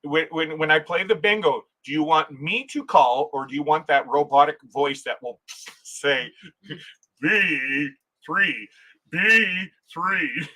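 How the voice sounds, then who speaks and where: A man's voice: on the high side, moderate pace, few pauses, fairly bright tone, rough recording. A man hosting a casual travel livestream, reading viewer comments aloud, chatting and laughing often, restarting his sentences. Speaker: livestream host.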